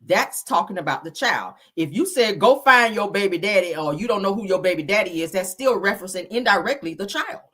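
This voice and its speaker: A woman's voice: mid-range voice, animated, brisk, few pauses, a bit bright, husky. A woman hosting reality TV commentary, blunt and scolding, with frequent swearing. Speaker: commentary host.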